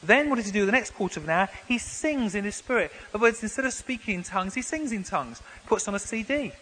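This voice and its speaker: A man preaching a sermon in a relaxed, conversational way, often restarting and repeating words as he explains. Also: high voice, quick pace. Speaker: pastor. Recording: long hall reverb, faint background noise.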